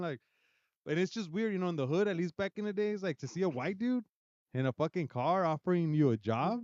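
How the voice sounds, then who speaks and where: A man's voice: high-pitched, expressive, brisk, darkish tone, no room sound, lo-fi sound. A young man from South Central Los Angeles, hosting a casual podcast chat, swearing often and switching between English and Spanish. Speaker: podcast host.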